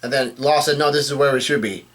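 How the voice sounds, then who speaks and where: This man has a mid-range, fairly bright voice and reads quickly. He's casually going through a manga chapter aloud, saying the quoted lines in his own plain voice and often correcting himself mid-sentence.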